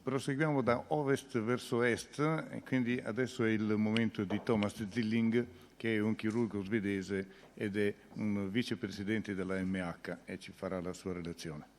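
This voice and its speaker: A man's voice: fairly low pitch, fairly even intonation, normal speed, slight background noise. A man moderating a conference, formally introducing the next speaker. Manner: formal announcing.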